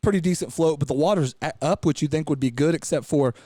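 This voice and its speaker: A man tells a long, rambling story on a studio podcast, cussing freely and getting animated. His voice sits fairly high for a man. The sound is dry and close. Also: fast, no echo. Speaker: podcast co-host. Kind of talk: casual storytelling chat.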